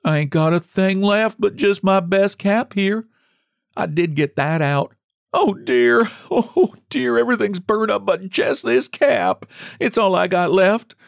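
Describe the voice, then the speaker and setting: A man's voice: high voice, expressive, measured pace, vocal fry, dry recording, clean studio sound, voice pushed up, heavily acted. A man doing a wailing old countrywoman. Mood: self-pitying wail. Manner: quavering, wailing rural dialect. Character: elderly woman, wailing and self-pitying.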